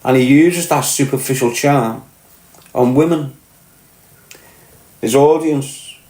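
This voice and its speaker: A man with a Scouse accent holds forth in a casual podcast monologue, blunt and full of swearing, checking again and again that his listeners follow him. His voice sits at an ordinary pitch, and the room around him rings with a noticeable echo. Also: slow, darkish tone. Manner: blunt, swearing, keeps asking "do you get what I'm saying". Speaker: podcast host.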